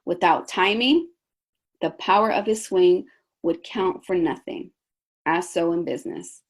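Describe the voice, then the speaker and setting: A woman's voice: fairly low pitch, unhurried. A woman coaching business owners in a conversational session, often checking in with "right?".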